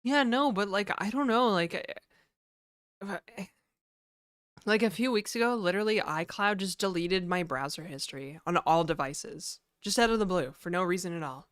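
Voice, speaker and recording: A woman's voice: fairly low pitch, moderate pace, no echo, clean studio sound. A woman streamer chatting casually to her viewers live, venting and swearing a lot.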